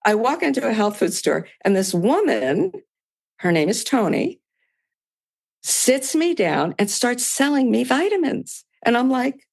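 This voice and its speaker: Older woman, podcast guest, fry in the voice, chatty storytelling, plays out both sides of dialogue. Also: fairly high pitch, a little slow. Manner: lively retelling, voicing both sides of past dialogue with small laughs. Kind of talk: storytelling in casual conversation.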